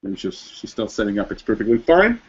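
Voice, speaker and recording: Husky-voiced man hosting a livestream. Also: fairly low pitch, very animated, fairly quick. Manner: chatty, rambling with many fillers. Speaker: host. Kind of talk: casual livestream chat. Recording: dull lo-fi stream audio.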